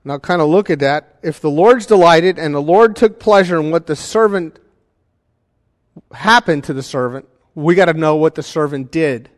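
The sermon comes from a pastor whose voice sits somewhat high, moving at a moderate pace through a church sanctuary that rings with long reverb. He speaks conversationally, often asking the congregation whether they're with him.

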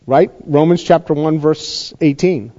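A man's voice: on the high side, steady tone, measured pace, dark tone, muffled recording. A middle-aged man preaching a sermon in a conversational way, often asking the congregation questions. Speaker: pastor.

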